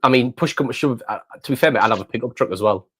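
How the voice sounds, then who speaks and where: A man's voice: medium pitch, rapid-fire, a bit bright, slightly rough. A middle-aged man from the United Kingdom, hosting a casual chat and saying mate often. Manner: chatty, says mate often. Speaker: host.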